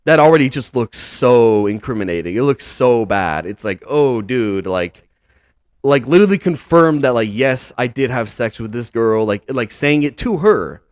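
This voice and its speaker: A man hosting a podcast talks in a loose, rambling way, stacking filler words and slang. He sounds incredulous and exasperated, and his voice sits mid-range in pitch. The recording is close and dry, with no room sound. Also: animated, unhurried, no echo. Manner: rambling, heavy use of "like", "dude" and "bro". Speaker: podcast host. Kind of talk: casual podcast commentary.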